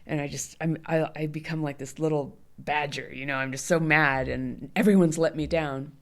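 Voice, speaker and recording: A woman's voice: deep voice, steady tone, moderate pace. A middle-aged woman, a guest in an interview, talking candidly and animatedly, often laughing. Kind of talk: conversational interview.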